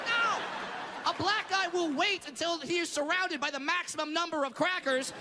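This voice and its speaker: A middle-aged man from Southern California doing a stand-up set on stage, brash and profane, shouting his punchlines. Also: extremely high pitch, moderate pace, in a large hall. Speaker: stand-up comedian. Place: comedy stage before a laughing audience. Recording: live stage sound with audience noise.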